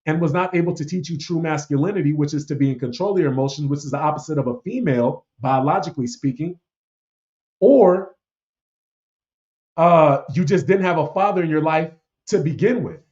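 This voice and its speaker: Preachy man with a higher voice, lo-fi. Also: a little fast, a little mellow. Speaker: podcast host. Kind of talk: opinionated casual commentary.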